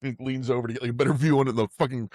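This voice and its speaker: A man co-hosting a casual movie podcast, excitable and swearing, jumping into high voices for characters. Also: rapid-fire, dry recording, clean studio sound. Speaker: podcast co-host. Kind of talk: casual movie recap chat.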